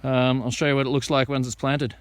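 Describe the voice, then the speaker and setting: A man's voice: medium pitch, fairly quick, no echo. A man chatting casually as he explains his work outdoors in a vlog. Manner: relaxed, chatty explaining while working outdoors. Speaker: vlogger planting trees. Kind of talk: casual show-and-tell vlog. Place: outdoors on hilly rural land.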